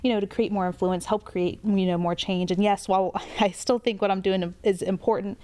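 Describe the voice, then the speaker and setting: A woman's voice: medium pitch, steady tone, brisk, warm tone. A woman police detective answering interview questions in an earnest, reflective way, with plenty of "you know" and "um". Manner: earnest and reflective, with many fillers.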